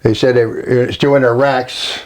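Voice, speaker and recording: An older man with a Kentucky accent, a Navy veteran telling his story in a slow, plainspoken, halting way during an oral history interview. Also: medium pitch, level tone.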